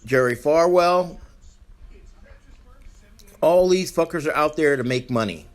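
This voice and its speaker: A man's voice: fairly high pitch, slow pace. Profane, ranting male podcast host. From Arizona, US. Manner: angry, profane, blunt. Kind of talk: ranting monologue.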